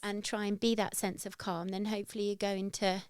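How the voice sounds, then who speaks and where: A woman co-hosting a parenting podcast, agreeing often and talking in an encouraging, animated way. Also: medium pitch, a little fast, smooth, dry recording, studio quality. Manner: warm agreeing, animated when quoting. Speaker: podcast co-host. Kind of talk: casual parenting chat.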